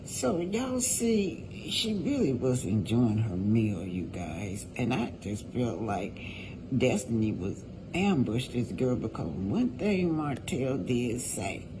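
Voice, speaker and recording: A man's voice: on the low side, very animated, slow, background noise. A man giving casual vlog commentary on a reality show, talking straight to his viewers and repeating points for emphasis.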